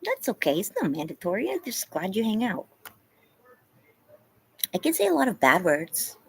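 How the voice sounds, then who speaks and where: A woman's voice: medium pitch, huge pitch swings, moderate pace, gravelly, breathy edge, poor audio. A woman hosting a casual live stream, chatting with viewers and reading the chat aloud, laughing often. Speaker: livestream host. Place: home, yard.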